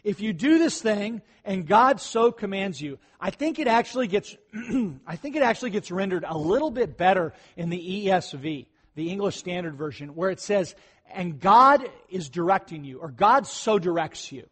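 A middle-aged male pastor preaching a conversational sermon, often clearing his throat and rising into excited bursts. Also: sits high, moderate pace, hardly any pauses.

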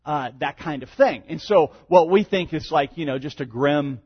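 A man preaching a sermon and reading scripture, emphatic and swelling loud on key words, with casual fillers between. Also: on the high side, normal speed, slightly rough, highs cut off. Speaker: pastor.

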